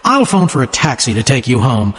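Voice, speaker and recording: Man doing a bossy rich husband, blunt, lively swings in his voice, echoey. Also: medium pitch, fairly quick. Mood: forceful. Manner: blunt, commanding. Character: forceful, scornful wealthy husband.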